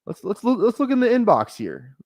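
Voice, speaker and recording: A man's voice: high voice, huge pitch swings, fairly quick, a little mellow, no echo, studio quality. A man giving casual live-stream commentary on his fantasy football draft, rambling and correcting himself as he thinks aloud.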